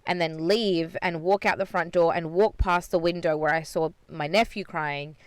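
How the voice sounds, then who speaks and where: A woman's voice: lowish voice, steady tone, normal speed, clear, resonant tone, no echo. A woman podcast co-host telling a story in casual chat, swearing freely and retelling things with energy, recorded inside a parked car.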